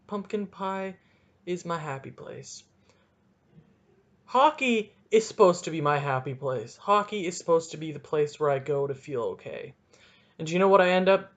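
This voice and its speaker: A man's voice: on the high side, animated, moderate pace, fairly bright tone. A young man hosting a solo podcast, ranting and rambling with goofy, self-mocking asides. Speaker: podcast host.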